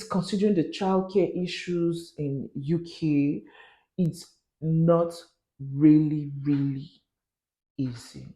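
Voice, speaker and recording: A woman's voice: sits low, warm tone, reverberant. A woman, talking earnestly to camera in a vlog and giving warnings, sometimes dropping into pidgin. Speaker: vlogger.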